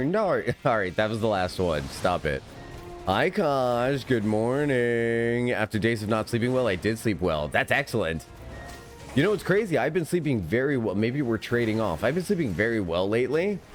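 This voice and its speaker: A man with a fairly low voice streams an online game live. He chats and laughs easily with his viewers and teammates. Game music plays faintly behind him. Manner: chatty, giggly, talks to chat and teammates. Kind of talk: live gameplay commentary.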